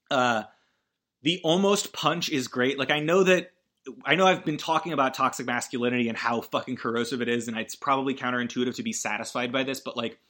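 A man casually recapping a film, rambling and animated, acting out the characters' lines and swearing freely. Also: mid-range voice. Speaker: podcast host recapping a film.

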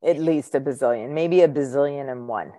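A woman co-hosting a casual podcast, speaking in a lively, playful, teasing way. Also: very deep voice, dry recording. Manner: lively and playful, quick to tease. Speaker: podcast co-host.

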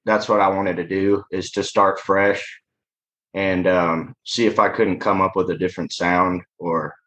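A man's voice: deep voice, fairly even intonation, a little slow, a bit bright, poor audio. A man, a musician guest talking casually in a laid-back, rambling way. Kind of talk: casual interview chat.

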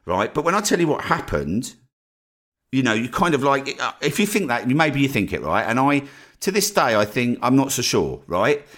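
A man's voice: mid-range voice, moderate pace. A man tells a story on his solo podcast, with a lot of rise and fall in his voice. His tone is chatty and conversational. He keeps checking in with the listener as he talks. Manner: animated, chatty, keeps asking "right?". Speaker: podcast host.

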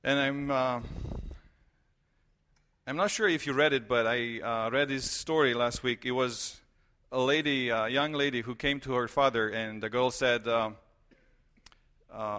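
A man's voice: mid-range voice, unhurried, bright, forceful tone, smooth. A middle-aged man from Romania with a Romanian accent, preaching a conversational sermon as a pastor in a church, telling stories with many fillers. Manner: storytelling, conversational with frequent fillers.

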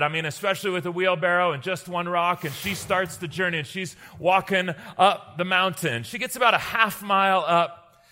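Bright-voiced man telling a parable. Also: big-room sound. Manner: acts out characters in a parable, drops low and quiet for them. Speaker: preacher. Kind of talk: sermon storytelling.

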